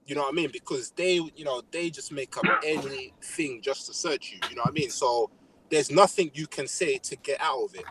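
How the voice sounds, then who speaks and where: A man's voice: medium pitch, brisk, over a noisy crowd, poor audio. A young man with a London accent chatting casually on a podcast, telling stories with lots of slang fillers. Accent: London English. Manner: animated storytelling, heavy slang fillers. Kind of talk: casual chat.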